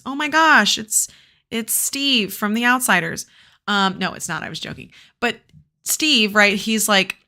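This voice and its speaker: A woman's voice: medium pitch, pushed and bright. A woman reading a novel aloud to a class, breaking off into casual, chatty commentary full of fillers.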